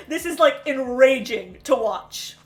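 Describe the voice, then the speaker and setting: A woman hosting a casual show recap, sarcastic and animated, laughing often as she retells scenes. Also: high voice. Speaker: recap host.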